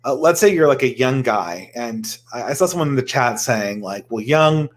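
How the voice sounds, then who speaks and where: A man's voice: mid-range voice, lively intonation, normal speed. A man speaking as a guest in a casual panel discussion, thinking aloud in a conversational way.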